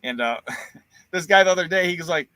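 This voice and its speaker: A man's voice: high-pitched, expressive, a little fast, pushed and bright, clean tone, no echo. A man from Ohio hosting a casual livestream, joking around and reading viewer comments aloud. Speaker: livestream host and auctioneer.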